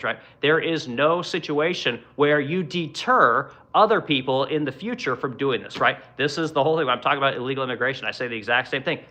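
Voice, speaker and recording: Guy ranting on his stream, bright punchy voice, swears a lot, lots of "right?" and "like". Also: mid-range voice, lo-fi sound. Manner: blunt, profane, rambling with many fillers and "right?". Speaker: livestream host reading comments. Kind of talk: casual political rant. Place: workshop.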